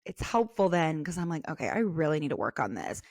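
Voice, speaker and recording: Chatty, animated woman co-host. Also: low voice, fairly quick, no room sound, clean studio sound. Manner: animated, chatty, many fillers. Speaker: podcast co-host. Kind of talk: casual faith chat.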